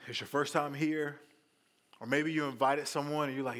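A male pastor preaching a sermon in a conversational, animated way, with playful asides to the congregation. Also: medium pitch, unhurried, pauses often.

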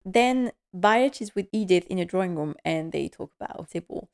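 A woman's voice: on the low side, expressive, normal speed, vocal fry. Chatty woman recapping a TV episode. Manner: chatty and enthusiastic, laughs often, paraphrases scenes. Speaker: podcast host.

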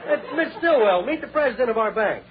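A man hosting a 1930s radio comedy, cracking jokes and laughing at his own gags, on a tinny broadcast with a loud audience and hiss. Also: extremely high pitch, animated, fast talker, a loud crowd. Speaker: comedian host.

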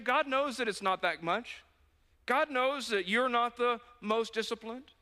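A man's voice: sits high, bright, forceful tone. A man preaching a sermon as a pastor, earnest and urging, repeating phrases for emphasis. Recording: long hall reverb.

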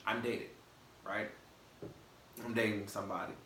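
A man's voice: on the low side, little pitch movement, normal speed, sharp tone. A man hosting a casual podcast, with a light Southern accent mixed with Detroit, talking loose and slangy with lots of restarts. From American South, raised in Michigan. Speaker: podcast host. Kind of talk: casual podcast chat on a live stream. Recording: echoey, distant mic with faint noise.

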